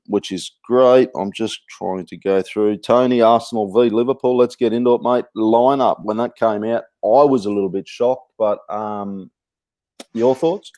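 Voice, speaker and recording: A man's voice: fairly low pitch, darkish tone. A man hosting a casual fan podcast, laughing often and swearing freely. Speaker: podcast host. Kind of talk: casual chat.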